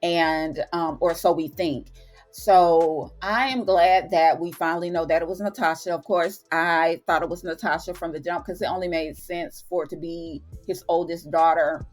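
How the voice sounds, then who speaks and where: A woman with a fairly low-pitched voice hosts her own channel, chatting through a television recap. She retells scenes with relish and drops slangy asides along the way. Soft music sits faintly underneath. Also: fairly even intonation, normal speed. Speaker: TV and film review channel host. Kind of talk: casual episode recap.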